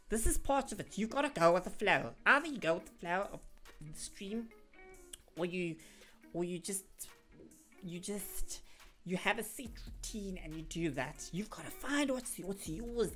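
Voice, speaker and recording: A woman's voice: lowish voice, a bit bright. A woman livestreaming in casual chat, playfully indignant and mock-dramatic, breaking off to thank viewers. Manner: chatty, reacting to viewer donations mid-sentence.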